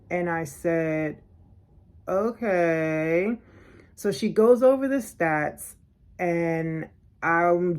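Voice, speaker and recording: A woman vlogger telling a personal story in an animated, indignant way, acting out what people said. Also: low-pitched. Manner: animated, indignant, acts out quotes. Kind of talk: storytelling vlog.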